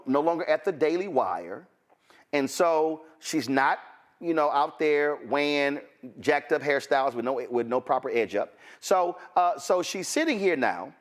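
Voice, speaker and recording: A male talk show host doing a commentary monologue, telling a story with asides to his audience. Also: fairly high pitch.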